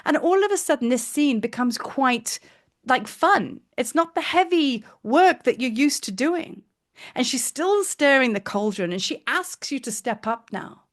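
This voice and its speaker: A woman's voice: high voice, lively intonation, unhurried. Soothing woman guiding a meditation. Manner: soothing, dreamy, lightly rambling. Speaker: meditation teacher. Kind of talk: guided meditation narration.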